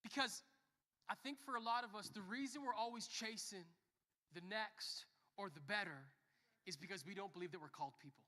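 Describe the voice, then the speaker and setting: A young man preaching a sermon as a pastor, joking and telling stories, swinging from quiet to loud. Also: sits high, a little fast. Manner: lively, joking storyteller who shifts between soft and loud. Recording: long reverb of a church hall.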